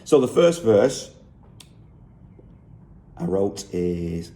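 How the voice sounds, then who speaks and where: A songwriter explaining how he wrote a song lyric. He thinks aloud in an unhurried way and often corrects himself. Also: low-pitched, gravelly, mellow.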